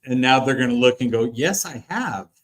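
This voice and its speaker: Male host, even mid voice, relaxed and agreeable. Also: mid-range voice, moderate pace. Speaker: show host. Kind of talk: casual chat.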